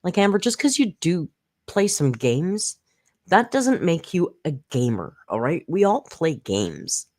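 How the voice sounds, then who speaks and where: A woman's voice: on the low side, big pitch swings, measured pace, darkish tone. A woman hosting a casual live reaction stream, snarky and profane, rambling with fillers, close to her mic. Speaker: commentary channel host. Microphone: close desk mic.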